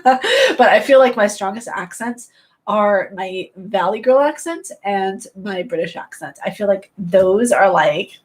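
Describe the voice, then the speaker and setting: A woman's voice: mid-range voice, animated, measured pace, rough recording. A woman gaming streamer chatting casually and playfully with her live viewers, jumping from topic to topic.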